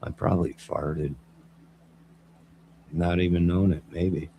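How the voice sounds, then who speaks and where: A man with a deep voice talks in a rambling, mocking way, aiming remarks at someone off to the side. His voice is heavily gravelly and full of fry. A faint hum sits under the recording. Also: steady tone, slow, mellow. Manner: mocking, wandering, talks to an unseen listener. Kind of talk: rambling monologue to camera.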